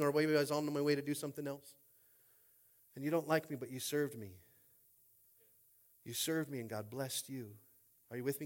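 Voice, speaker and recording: High-voiced preaching pastor man. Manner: conversational preaching, rising to shouts. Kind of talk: sermon. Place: church sanctuary.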